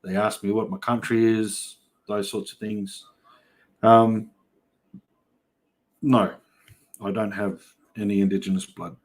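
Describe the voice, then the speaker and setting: This middle-aged Australian man hosts a livestream, reading comments and yarning casually with viewers. His voice sits fairly low with little pitch movement, slightly rough, and he talks slowly with long pauses.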